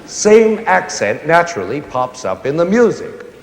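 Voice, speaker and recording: A man's voice: fairly high pitch, unhurried. A man explaining music to a young audience in a concert hall, now and then singing or humming examples. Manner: animated, sings and hums examples. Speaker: conductor giving a concert lecture. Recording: roomy concert hall with long reverb.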